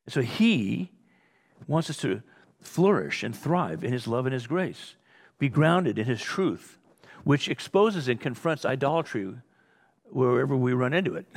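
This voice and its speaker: A male pastor delivering a sermon in a relaxed, conversational way. His mid-range voice is gravelly and a little husky, and it has a rough edge. He often restarts phrases and slips into short acted asides. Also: mid-range voice.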